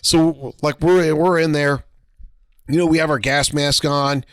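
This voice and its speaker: A man co-hosting a podcast, telling boot camp stories in a casual, animated, profane way with acted-out quotes. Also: fairly high pitch, a little slow, dry recording, clean studio sound. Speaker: podcast co-host. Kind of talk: casual storytelling chat.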